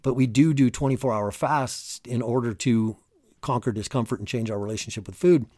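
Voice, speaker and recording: A man hosts a solo motivational podcast at a mid pitch, energetic and emphatic as he coaches. His voice sounds close and dry, with no room echo. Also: fairly quick. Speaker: podcast host.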